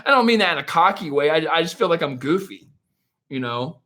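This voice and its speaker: A man's voice: fairly high pitch, very animated, brisk, pushed and bright. A man hosting a live stream, chatting casually and answering viewer questions in a joking, self-mocking, rambling way, often laughing.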